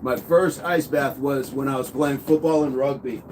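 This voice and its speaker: A man's voice: medium pitch, fairly even intonation, moderate pace, a little mellow. A man in his thirties hosting a live fitness stream, walking on a walking pad as he reads viewer comments aloud in an upbeat, chatty way. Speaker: fitness livestream host. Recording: faint background noise.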